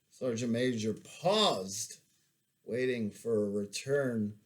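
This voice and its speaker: Slow-reading veteran man. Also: mid-range voice, lively intonation. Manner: measured, plain-spoken. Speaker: army veteran author. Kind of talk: reading his memoir aloud.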